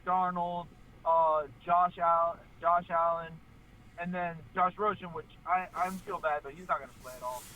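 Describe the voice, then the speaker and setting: Caller guy from florida, high bright voice, eager and earnest, lots of ums. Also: level tone, normal speed, poor audio. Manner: eager, earnest, thinks aloud with fillers. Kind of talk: call-in to sports talk show.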